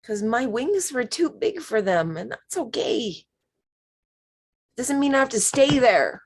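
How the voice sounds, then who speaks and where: A woman leads a spiritual workshop in a slow, deliberate way, leaning hard on key words. Her voice is breathy and a little husky. She often sinks into a near whisper. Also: a little high, big pitch swings. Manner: slow, emphatic, drops to whispers. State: emotional. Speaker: workshop leader.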